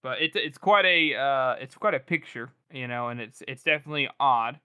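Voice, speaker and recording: A man's voice: mid-range voice, normal speed, pushed and bright, clean tone, dry recording, clean studio sound. A male podcast co-host rambling casually as he recaps a book, with plenty of fillers.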